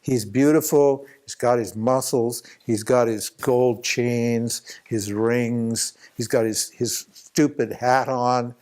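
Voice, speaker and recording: A man's voice: medium pitch, slow pace, hardly any pauses. A man teaching at a spiritual retreat, telling a long anecdote with lots of restarts and chuckles. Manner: rambling, animated anecdote with many restarts and laughs. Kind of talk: storytelling talk at a retreat.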